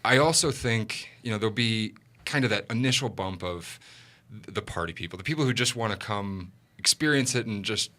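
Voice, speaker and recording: A man talks fast and eagerly as a guest on a radio talk show, walking through the numbers. His voice is bright and forceful, and it sits on the low side. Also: animated.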